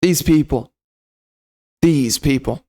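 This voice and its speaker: Sneering, ranting man, high-pitched. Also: slow. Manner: loud, sneering, profane. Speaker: game reviewer. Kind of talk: ranting comedy commentary.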